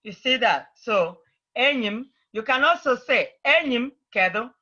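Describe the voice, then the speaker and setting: Lady teaching igbo on a video call, slow and patient, bright voice, kinda muffled audio. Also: fairly high pitch, expressive. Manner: patient, repeats phrases slowly for learners. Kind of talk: online class teaching over video call. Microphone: computer mic on a video call.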